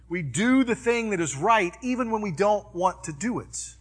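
A male pastor preaching a sermon, swinging from loud urging to quiet reflection, with personal stories woven in. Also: high-pitched, animated, moderate pace, few pauses, breathy edge. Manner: personal storytelling within preaching.

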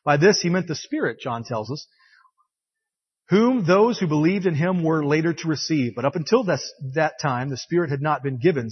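A man's voice: a little high, slightly rough. A man preaching a sermon and reading scripture aloud, acting out the quoted voices with feeling. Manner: expressive, acts out quoted voices. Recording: dull lo-fi sound with long hall reverb.

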